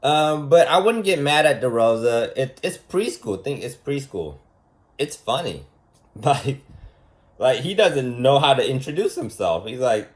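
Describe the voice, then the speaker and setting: A man's voice: medium pitch, big pitch swings, measured pace. A man giving a casual, unscripted monologue lesson as a vlogger, rambling and emphatic, repeating himself and asking rhetorical questions.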